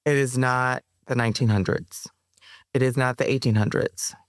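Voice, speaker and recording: A woman poet and interview guest who speaks with a measured, thoughtful cadence and corrects herself as she goes. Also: a bass voice, steady tone, dry recording, clean studio sound. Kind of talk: spoken-word poetry and interview talk.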